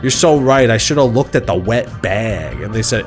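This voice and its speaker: A man's voice: fairly low pitch, animated, moderate pace, few pauses, soft background music. A man hosting a live stream, telling a rambling, playful made-up story with lots of self-interruptions. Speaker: streamer host. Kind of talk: improvised comic storytelling.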